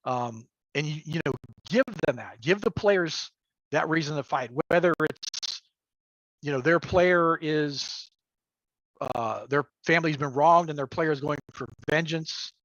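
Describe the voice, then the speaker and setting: This is a middle-aged man chatting casually on a livestream, pitched a little high. He rambles, restarts, and laughs often. The audio is dull and lo-fi, with a dry, close sound. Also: measured pace, fairly bright tone, dry recording. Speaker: guest, game master and crafter.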